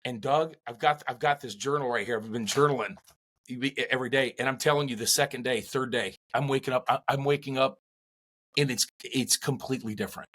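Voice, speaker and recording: Husky, animated man chatting. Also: mid-range voice, brisk. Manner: animated, rambling with many restarts. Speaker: podcast co-host. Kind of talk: casual chat.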